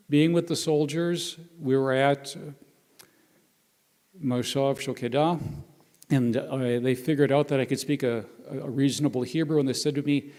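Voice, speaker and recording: A man's voice: medium pitch, normal speed. Man in his sixties telling stories in a hall. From United States. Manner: warm anecdotal storytelling with acted quotes. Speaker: volunteer mission member. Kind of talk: storytelling to a congregation. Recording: hall reverb.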